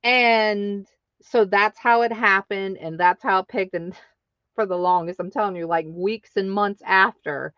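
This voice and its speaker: A woman's voice: medium pitch, fairly even intonation, measured pace, fairly bright tone, no room sound, muffled recording. A woman hosting her craft channel, telling a story casually and acting out other people's lines in exaggerated voices.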